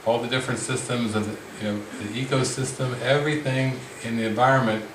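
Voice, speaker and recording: A man leading a spiritual retreat discussion, speaking slowly and reflectively with frequent restarts. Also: medium pitch, steady tone, background noise. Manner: slow, reflective, many restarts. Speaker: spiritual teacher. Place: retreat room with a group. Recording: roomy sound from the mic's distance.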